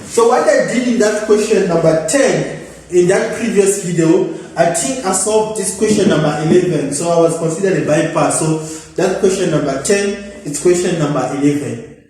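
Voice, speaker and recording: A man with a rather high voice explains a circuit problem, thinking aloud and circling back on his own points. He sounds set back from the mic. The room around him rings with heavy echo. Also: moderate pace, darkish tone. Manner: thinks aloud, repeats himself, addresses viewers as guys. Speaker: electrical engineering tutor. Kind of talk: informal problem-solving lesson. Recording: echoey room, mic at a distance.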